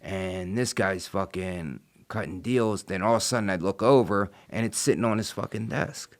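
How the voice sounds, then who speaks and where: Interview guest: middle-aged man, very low voice, blunt and swearing, rambling storyteller. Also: normal speed.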